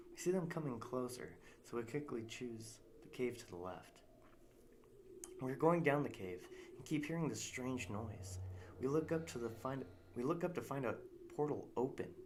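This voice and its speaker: A man's voice: mid-range voice, slight background noise. A man reading a story aloud in a live narration, casual and unpolished, with restarts.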